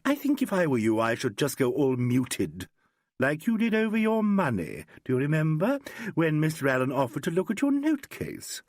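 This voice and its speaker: A man's voice: on the high side, huge pitch swings, normal speed, darkish tone, dry recording, clean studio sound, voice pushed up. A man voicing a theatrical actress who coaxes airily and calls everyone darling, in an audiobook. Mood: coaxing. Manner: coaxing, airy, says darling.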